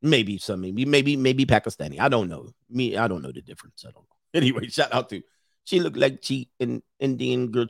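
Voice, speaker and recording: A man streaming, reacting to a clip with loud laughing commentary and mocking quoted voices. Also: mid-range voice, very animated, brisk, creaky, no echo, studio quality.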